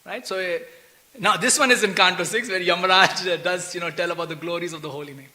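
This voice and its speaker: Speaking fast in a high, pushed, bright voice with fairly even intonation, a man leads a scripture class in a temple hall. He tells a story, plays each character, and keeps saying "you know" and "right?" in a chatty sermon.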